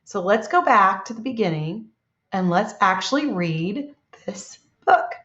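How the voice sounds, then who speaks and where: A woman's voice: medium pitch, very animated, unhurried, fairly bright tone. A woman teacher guiding young children through a reading lesson, praising them often. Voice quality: encouraging, lots of praise. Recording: echoey room, dull sound.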